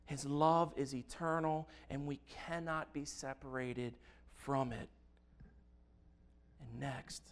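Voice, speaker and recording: A man delivering a sermon at an unhurried, deliberate pace. His voice sits at an ordinary middle pitch. He reads scripture with earnest, emphatic weight. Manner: slow, earnest preaching with emphatic scripture reading. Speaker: pastor.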